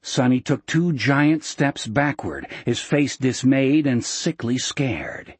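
A man reading a novel aloud as narrator, in a measured, steady manner. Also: medium pitch, husky, dry recording. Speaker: audiobook narrator. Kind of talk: scripted narration.

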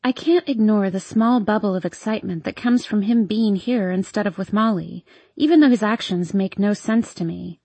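A woman reading a first-person romance novel aloud in a soft, intimate storytelling manner. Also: mid-range voice, moderate pace, no echo. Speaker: audiobook narrator.

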